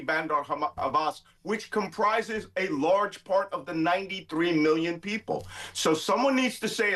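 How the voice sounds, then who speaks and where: A middle-aged man, a guest commentator arguing emphatically in a heated debate. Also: a little high. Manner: emphatic, forceful.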